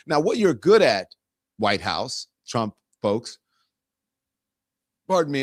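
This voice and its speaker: A man's voice: mid-range voice, dry recording, studio quality. A middle-aged man from the Southern US hosting casual political commentary, rambling and conversational, with many restarts. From Southern United States. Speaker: host.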